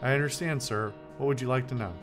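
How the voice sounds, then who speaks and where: This is a nervous young passenger, played by a man for a video game. He answers everyone politely and meekly in a plain, middle-pitched voice. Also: fast talker, soft background music, close to an everyday voice. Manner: polite, meek.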